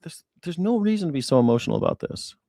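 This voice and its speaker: Quick-paced and very animated, a man with a slightly high, creaky voice runs a live news reaction stream, mocking the stories sarcastically to his chat and swinging from loud digs to whispered asides. Studio quality, no echo.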